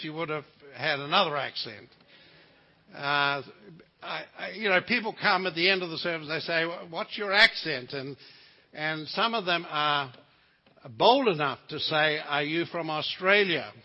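Speaking a little high and a little slow, an older New Zealand man preaches a guest sermon with folksy storytelling, jokes, and asides. The recording is lo-fi, captured in a church sanctuary with plenty of reverb.

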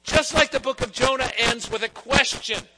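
A man's voice: extremely high pitch, bright, forceful tone, poor audio. A male pastor delivering a conversational sermon, slipping quoted lines into his talk. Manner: conversational preaching, quoting figures in quick asides.

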